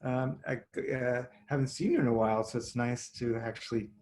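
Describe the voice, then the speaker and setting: A man telling a story as a guest over a video call, wry and theatrical, with lively asides. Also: mid-range voice, a little fast. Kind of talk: anecdotal storytelling.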